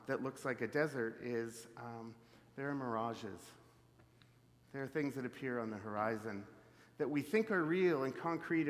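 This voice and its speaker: A man from the prairies preaching a sermon in an easy, reflective, conversational way with many fillers. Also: medium pitch. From Canadian prairies. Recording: reverberant hall.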